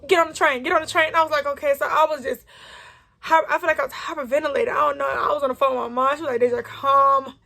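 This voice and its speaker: A young woman telling a chatty, animated storytime vlog, acting out the dialogue as she goes. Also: sits high, very fast, vocal fry. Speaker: vlogger.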